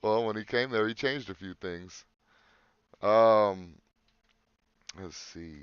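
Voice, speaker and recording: Low-voiced man swearing through a casual podcast. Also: takes it slowly, long pauses, clean tone, no room sound, highs cut off. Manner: crude, joking, swears freely. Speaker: podcast co-host. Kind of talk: casual podcast chat, reading search results aloud.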